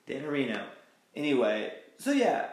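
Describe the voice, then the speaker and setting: Animated man casually recapping TV. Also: medium pitch, normal speed, roomy sound. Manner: animated, acts out quotes with mocking voices. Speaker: podcast co-host. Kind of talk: casual chat recapping a reality show.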